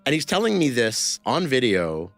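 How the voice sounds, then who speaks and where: A man telling a personal story in conversation, halting with many fillers and restarts. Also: medium pitch, huge pitch swings, fairly bright tone, dry recording. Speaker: interview guest.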